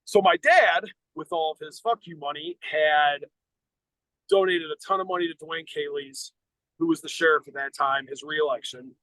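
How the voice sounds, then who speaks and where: Middle-aged american guy rambling through a story, cursing a lot, slightly high voice, dry close mic. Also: normal speed, a bit bright, dry recording, poor audio. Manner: blunt, profane, rambling with restarts. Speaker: podcast co-host. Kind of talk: casual storytelling.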